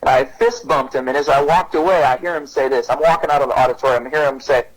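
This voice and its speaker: Male guest speaker, thirties, lively storyteller who acts out quotes, husky tone. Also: fast talker, hardly any pauses, rough recording. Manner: animated, pitches up to act out quotes. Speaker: guest speaker on parenting and resilience. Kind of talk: conversational podcast storytelling.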